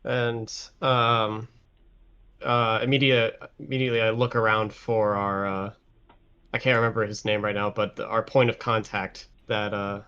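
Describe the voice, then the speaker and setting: A man's voice: on the low side, flat delivery, unhurried, sharp tone, smooth. Hesitant man playing a tabletop game. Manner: hesitant, forgetful, searching for words. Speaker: player. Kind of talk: casual tabletop chat. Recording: dull lo-fi sound, far from the mic.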